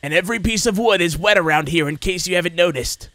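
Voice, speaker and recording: A man voicing a gruff camp leader, stern orders, fairly high voice, dry. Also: fast talker, sharp tone, no room sound.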